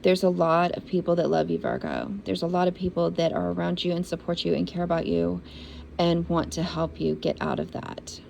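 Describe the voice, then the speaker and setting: A woman's voice: on the low side, level tone, a little fast, vocal fry, darkish tone, a little hiss or hum, low-quality recording. A woman giving a spiritual reading for zodiac signs, talking in an encouraging, repetitive and emotional way. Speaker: intuitive reader.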